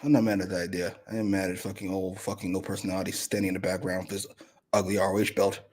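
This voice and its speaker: A man's voice: deep voice, level tone, fast talker, a little mellow. A man co-hosting a casual wrestling review show, blunt and sarcastic, swearing often. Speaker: co-host.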